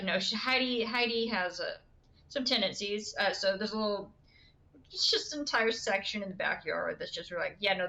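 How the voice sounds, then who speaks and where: Streamer woman, bright and forceful tone, chatty and giggly, answering chat live. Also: mid-range voice. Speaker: game streamer.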